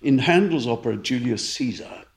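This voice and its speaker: A man, a conductor and co-host, explaining opera in a measured, explanatory podcast chat. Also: mid-range voice, lively intonation.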